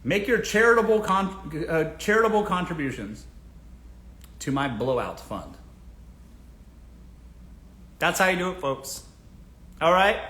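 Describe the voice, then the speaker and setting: A man hosting a casual livestream, his voice pitched a little high for a man. He gives blunt, joking answers to viewer questions and keeps addressing the audience as folks. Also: lively intonation, measured pace, long pauses, fairly bright tone. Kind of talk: casual livestream advice chat.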